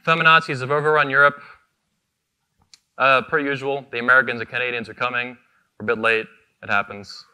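A man's voice: mid-range voice, level tone, a little fast, long pauses, bright, forceful tone, clear, resonant tone. A man giving a fiery convention keynote speech on stage into a microphone, combative and profane, hammering short repeated phrases. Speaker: keynote speaker, convention founder.

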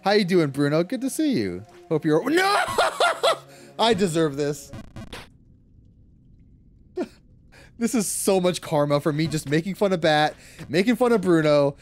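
A man's voice: on the high side, expressive, unhurried, pauses often, soft background music. An Irish man livestreaming a game, chatting casually with his viewers, laughing often and cursing at the game. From Ireland. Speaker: streamer. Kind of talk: casual gaming livestream chat.

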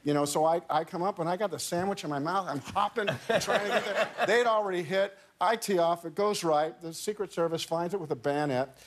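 A man's voice: high voice, a little hiss or hum. A man telling a long anecdote as a talk show guest, restarting his sentences and laughing as he goes. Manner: halting storyteller, many restarts, laughs mid-story. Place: television studio.

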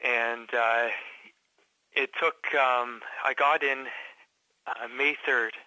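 A man from Canada, a guest in a casual interview, telling his story haltingly with many fillers and restarts. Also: mid-range voice, fairly even intonation, pushed and bright, no room sound, poor audio. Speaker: patient guest.

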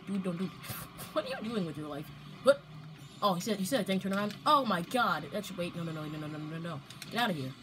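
A young woman commentating her own gameplay, playful and prone to loud outbursts and strings of repeated protests. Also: fairly low pitch, animated, brisk, slight background noise, low-quality recording. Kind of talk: excited gaming commentary.

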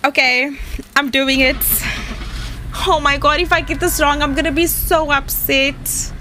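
A young woman streaming a game, talking in a shaky, breathless, excited way. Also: high voice, measured pace. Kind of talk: live game stream chat. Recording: faint background noise.

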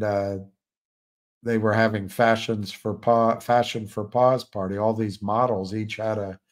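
An older man hosting a live stream, chatting casually and rambling with frequent restarts. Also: lowish voice. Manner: rambling, musing, many restarts. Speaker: livestream host.

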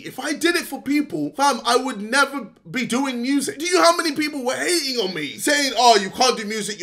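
A man ranting straight to camera in a frustrated, scolding way, sometimes shouting and laughing between points. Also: sits high. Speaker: YouTuber. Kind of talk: direct-to-camera rant.

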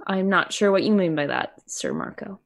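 A woman's voice: mid-range voice, huge pitch swings, normal speed, gravelly, heavily acted. A woman voicing a puzzled female character at a noble funeral, speaking bluntly and matter-of-factly.

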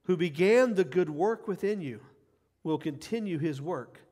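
A middle-aged man preaching a sermon as pastor, emphatic, repeating key phrases and swinging from quiet asides to loud cheering. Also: sits high, lively intonation, unhurried, husky. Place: church sanctuary. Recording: long hall reverb.

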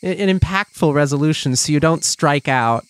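A woman's voice: low voice, normal speed, dry recording. A woman co-hosting a let's play, speculating casually with dry, joking wordplay. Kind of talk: casual gaming chat.

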